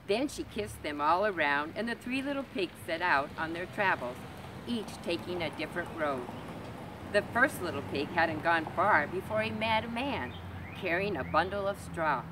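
A woman librarian reading a storybook aloud to children, gentle and expressive. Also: fairly low pitch, normal speed, background noise. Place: community library.

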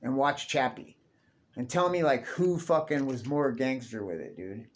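A man's voice: mid-range voice, a little slow. Profane rambling young man. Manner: profane, rambling, says dude constantly. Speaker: vlogger. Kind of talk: casual rant to camera.

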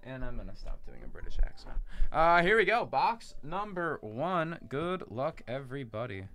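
Lively chatty man hosting a card break. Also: a little high, normal speed. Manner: chatty, self-deprecating, jokey asides. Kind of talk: live card break commentary.

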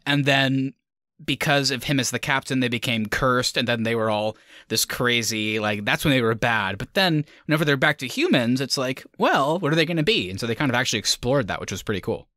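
A man chatting about films on a podcast, his pitch swinging widely as he gets excited. His voice is bright and forward, and the recording is close and dry with no room sound. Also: brisk, no echo. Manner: animated, enthusiastic, laughs often. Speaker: podcast co-host. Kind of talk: casual movie discussion.

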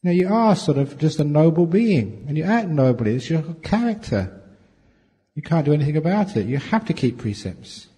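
This man speaks with a fairly high, sing-song voice at normal speed, yet with a dark tone. Playful and jokey, he tells stories and answers questions with chuckles during a humorous dharma talk as a meditation teacher, recorded with the long reverb of a large hall.

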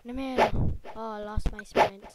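A woman giving chatty, excitable commentary while playing a computer game at a desk microphone. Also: on the high side, moderate pace, heavy background noise. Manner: excitable, chatty, easily startled. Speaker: let's play host. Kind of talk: casual gameplay commentary.

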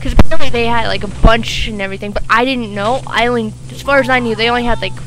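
A woman with a fairly high voice chats over a video game she is playing. She rambles through an exasperated story, leaning on lots of fillers. Steady loud noise runs under her voice. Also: quick pace. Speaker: let's play gamer. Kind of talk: casual chat over gameplay.

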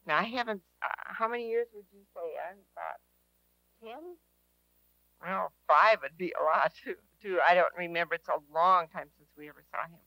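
A woman's voice: lowish voice, moderate pace, sharp tone, dry recording, poor audio. A woman telling a personal testimony to an audience in an earnest, emphatic way, repeating her key phrases. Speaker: speaker at a prayer teaching session.

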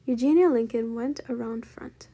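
Husky, gravelly woman reading a storybook. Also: fairly high pitch, moderate pace, mellow. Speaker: storybook reader. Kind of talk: children's book read-aloud.

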